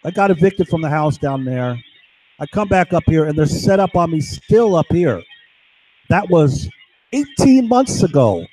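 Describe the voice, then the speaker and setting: A man's voice: on the high side, mellow, breathy edge, no room sound, poor audio. A man telling a long, agitated story on a live stream, swearing often and tagging his sentences with "right?". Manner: agitated, profane, keeps asking "right?". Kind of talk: rambling monologue.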